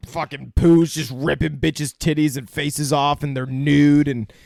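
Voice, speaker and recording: A man's voice: on the high side, level tone, unhurried, gravelly, darkish tone, no echo. A young man co-hosting a podcast, trading crude, laid-back movie talk full of "bro" and "dude". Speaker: podcast co-host. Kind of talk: crude comedic movie-review banter.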